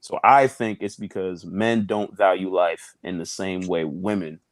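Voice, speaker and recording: Speaking a little slowly in a steady tone, a young comedian and first-time father holds forth in a casual panel with no echo in the audio. He's crude and direct, often impersonating others in a high, taunting voice.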